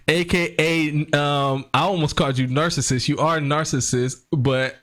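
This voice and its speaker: A young man hosting a casual podcast, teasing his friends with crude jokes and frequent loud laughter. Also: on the high side, fairly even intonation, normal speed, hardly any pauses. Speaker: podcast host.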